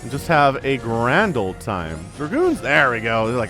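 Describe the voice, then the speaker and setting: A man casting a real-time strategy match solo, chatty and rambling, with easily excited asides. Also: mid-range voice, measured pace, hardly any pauses, soft background music. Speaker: esports caster. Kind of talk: solo game commentary.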